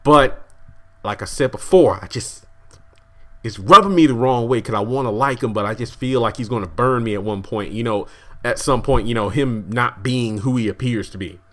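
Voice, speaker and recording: A man giving a casual, rambling video review of a TV episode. He talks in an animated way, often restarts his sentences and chuckles as he goes. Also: mid-range voice, moderate pace.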